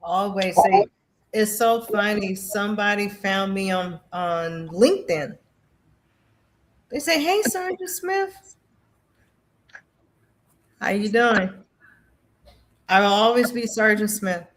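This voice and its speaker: A woman's voice: mid-range voice, takes it slowly, pauses often. A middle-aged woman telling stories about grief and faith, acting out the voices of the people she quotes. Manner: animated storytelling, acts out quoted voices. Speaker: guest, Air Force veteran. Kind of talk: emotional conversation about grief.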